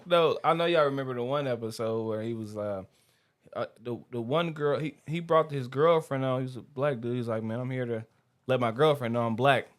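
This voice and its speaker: A man's voice: medium pitch, a little fast. A man co-hosting a casual podcast, telling stories animatedly and laughing often. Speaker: podcast co-host. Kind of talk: casual chat.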